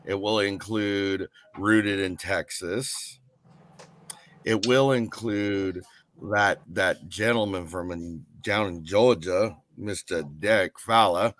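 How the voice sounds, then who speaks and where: A man's voice: fairly low pitch, slow pace, a bit bright, no echo. A man co-hosting a casual live-stream chat, reading out the event lineup in a loose, rambling way.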